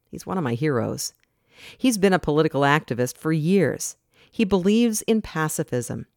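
A reader voicing an idealistic teenage girl in a storybook, talking earnestly and forcefully about protesting. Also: mid-range voice, dry recording, clean studio sound, lightly acted. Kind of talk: storybook narration.

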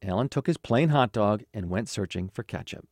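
A man narrating a children's storybook with an expressive, animated reading. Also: lowish voice, moderate pace, no echo.

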